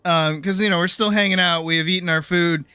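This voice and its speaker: A woman streamer telling a story in casual chat, animated, laughing often and swearing freely. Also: quick pace, clean tone, no room sound. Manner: quotes people in big high-pitched voices.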